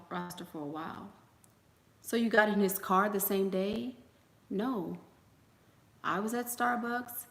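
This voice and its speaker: With a creaky, medium-pitched voice in a reverberant space, a woman hosts a casual livestream. She chats with viewers and tells gossipy stories, acting out quotes between fillers and trailing asides.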